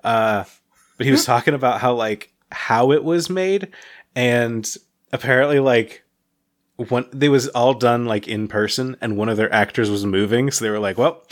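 Podcast guy rambling thru a story, lots of "like", laughs while talking, normal pitch. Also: moderate pace. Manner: rambling storyteller, full of "like" and restarts, laughing mid-sentence. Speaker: podcast co-host. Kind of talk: casual chat.

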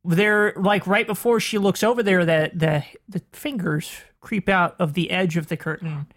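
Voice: medium pitch, normal speed, fairly bright tone. A podcast co-host leading a casual, laid-back film discussion, swearing and laughing along.

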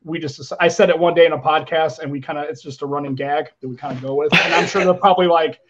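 An American man hosting a podcast, chatting casually and rambling with lots of restarts, often trailing off softly at the ends of phrases. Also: a little high, steady tone, quick pace, lo-fi sound, background noise. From United States. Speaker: podcast host.

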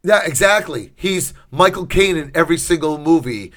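A man co-hosting a casual podcast, retelling a film plot with sarcastic asides and quick acted-out quotes. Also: on the high side, animated, a bit bright. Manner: sarcastic storytelling, acts out quotes. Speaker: podcast co-host. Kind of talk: casual chat.

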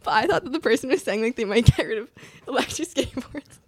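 A woman's voice: fairly high pitch, expressive, rapid-fire, no room sound. A young woman guesting on a podcast, chatting casually with a dry, teasing manner. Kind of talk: casual chat.

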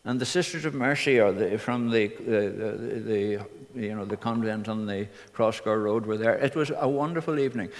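A man's voice: lowish voice, moderate pace, few pauses. An older man, a minister earnestly telling personal stories to his congregation. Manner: earnest anecdotal storytelling. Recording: reverberant hall.

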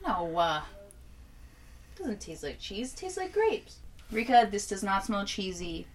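A woman's voice: medium pitch, very animated, a little slow. A woman co-hosting a casual chat, rambling with dry humor and casual swearing.

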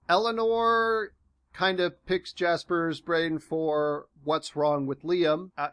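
A young man co-hosting a podcast, casually recapping a TV episode in a relaxed, meandering way. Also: on the high side, vocal fry, no echo. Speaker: podcast co-host.

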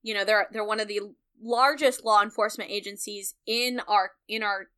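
A woman's voice: medium pitch, fairly even intonation, moderate pace, pushed and bright, clean tone. A woman co-hosting a podcast, explaining policy frankly and casually, with the odd swear word. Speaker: podcast co-host. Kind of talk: casual political chat.

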